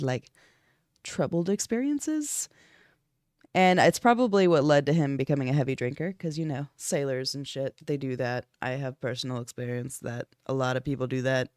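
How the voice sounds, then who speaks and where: A woman's voice: sits low, a little mellow, dry recording, studio quality. A woman who is sick and congested, co-hosting a true-crime stream in a casual, swearing chat. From Florida. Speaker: podcast co-host. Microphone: streaming desk mic.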